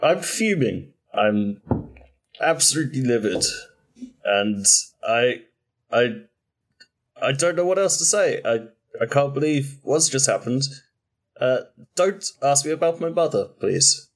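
A man's voice: medium pitch, expressive, measured pace, long pauses. A man voicing a stiffly formal male adventurer who stammers, in a tabletop role-play. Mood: fuming. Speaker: player.

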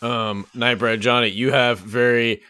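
A man playing in a tabletop game, tossing out quick joking asides. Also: medium pitch, flat delivery, sharp tone, smooth, no echo, studio quality. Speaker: player.

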